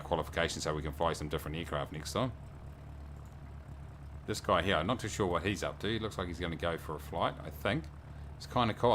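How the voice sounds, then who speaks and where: Low-voiced New man chatting on stream. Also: fairly bright tone, a little hiss or hum. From New Zealand. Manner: chatty, reads viewer messages aloud and thanks them. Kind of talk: casual livestream chat.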